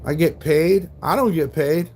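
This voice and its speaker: This is a man in his forties hosting a live stream, with a somewhat high-pitched voice. He talks straight to his chat, combative and heavy on profanity as he spars with trolls. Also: unhurried, darkish tone, breathy edge. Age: 40s.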